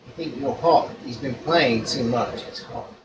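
A woman's voice: very deep voice, unhurried. A woman talking casually to her pet cockatoo in her bedroom, cooing and praising the bird between asides. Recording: from a distance, faint room hum.

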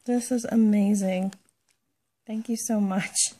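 A woman's voice: mid-range voice, fairly even intonation, slow, mellow. A woman vlogging casually as she unboxes a gift, gushing and baby-talking to her pets.

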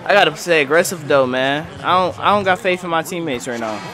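A young man commentating live on his own basketball video game, excitable and trash-talking at the screen. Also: on the high side, brisk. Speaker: gaming commentator. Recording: game music and crowd noise faintly behind. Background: faint game music and arena crowd.

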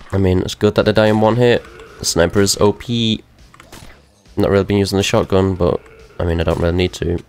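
Low-voiced man muttering through a game. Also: clean tone. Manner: rambling, self-talking, wry asides. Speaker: gaming video host. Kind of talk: let's play commentary.

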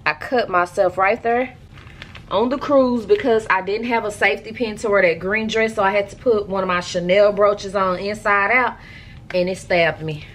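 A woman's voice: mid-range voice, moderate pace, slight background noise. Chatty woman vlogging from home. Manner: animated, talks straight to viewers. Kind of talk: casual chat to camera. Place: at home, indoors.

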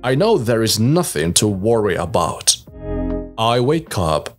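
A man reads a storybook aloud in a careful, deliberate manner. His pitch rises and falls in big, sing-song swoops. Faint music plays behind him. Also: big pitch swings. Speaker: reader practicing English.

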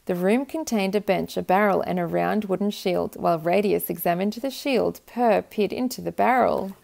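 A woman reading a children's picture book aloud with gentle, expressive narration. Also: medium pitch, normal speed, creaky. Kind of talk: storybook read-aloud.

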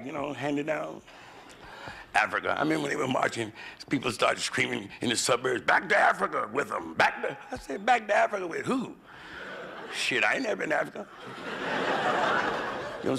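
A middle-aged man doing a raunchy stand-up routine on a comedy club stage with a handheld mic, drawling and swinging into loud shouted voices. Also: fairly high pitch, creaky. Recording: loud hiss on an old live club recording.

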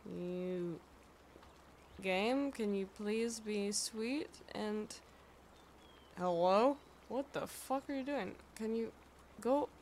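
A woman's voice: medium pitch, drawn-out words, long pauses, a little mellow, a little hiss or hum. A woman streaming a game live, chatting casually, swearing freely and talking back to the game and her chat.

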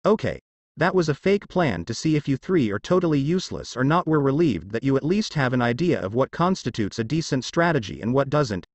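A man's voice: mid-range voice, big pitch swings, a little fast, dry recording. A man voicing an earnest, scheming male soldier strategist in a fan story reading. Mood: matter-of-fact.

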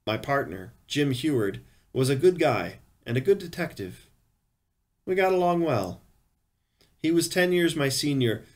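A man reading first-person crime fiction aloud in a measured, grave storytelling manner. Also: mid-range voice. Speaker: reader.

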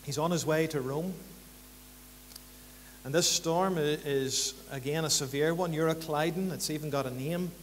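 A man preaching a sermon in church, building to emphatic rhythmic repetitions and then dropping low and quiet. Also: moderate pace. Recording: church hall reverb, faint hum.

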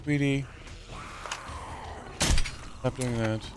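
A man's voice: mid-range voice, fairly even intonation, drawn-out words, heavy background noise. A man casually commenting on his own survival game, chatting to the zombies and grumbling at them in mock annoyance; his is not English. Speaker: gaming channel host.

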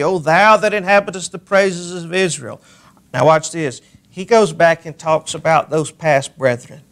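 A male pastor preaching a sermon, reading scripture aloud and pressing key words with slow emphasis. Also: high-pitched, fairly bright tone. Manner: reads scripture aloud in King James wording.

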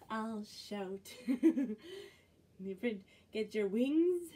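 Her voice is warm, expressive, on the high side, and very slow as this librarian sings action songs for a children's music and movement session. She sounds sing-song and encouraging, and she is far from the microphone.

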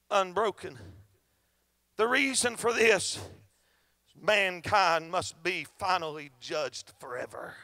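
A man preaching a fervent revival sermon for an online audience, swinging between shouted outbursts and hushed, low passages. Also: creaky, no room sound.

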